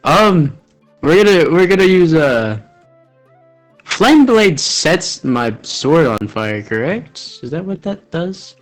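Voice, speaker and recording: A man's voice: on the high side, big pitch swings, takes it slowly, faint music behind. A man playing a tabletop game, joking and reacting with laughter. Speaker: player. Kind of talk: casual tabletop game play.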